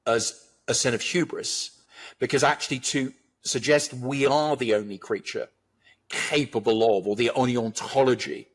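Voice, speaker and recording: A man's voice: medium pitch, slightly rough. A man in a reflective conversation, talking in a thoughtful, expansive, philosophical way. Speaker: guest commentator.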